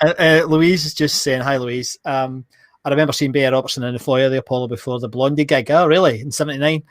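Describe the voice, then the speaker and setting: A man's voice: mid-range voice, fairly even intonation, fast talker, no room sound, clean studio sound. A man co-hosting a live online show, chatting casually, reading out viewer comments and laughing often.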